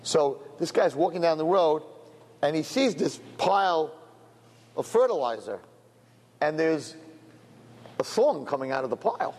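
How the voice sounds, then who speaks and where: A man, a rabbi, telling a parable in a sermon as an animated storyteller who drops in Yiddish words. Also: on the high side, measured pace, pauses often. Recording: lecture hall reverb, faint noise.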